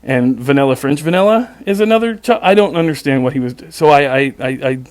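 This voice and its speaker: He talks fast and expressively in a fairly high voice, with no room sound. As host of his own show, he spins a casual monologue story that's sarcastic, exasperated and profane, often stammering and starting sentences over.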